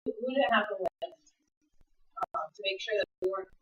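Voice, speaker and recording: A woman's voice: medium pitch, a little fast, fairly bright tone, muffled recording. Echoey woman student answering in class. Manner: casual, uses fillers like "you know" and "blah, blah, blah". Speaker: paralegal student.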